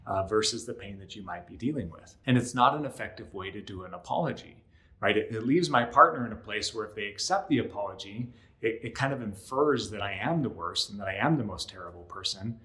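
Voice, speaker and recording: A man's voice: lowish voice, lively intonation, brisk, sharp tone. A male relationship counselor explaining to camera in a conversational way, often checking in with "right?" and acting out short example lines. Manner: acts out short example lines in other voices. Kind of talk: educational talk to camera.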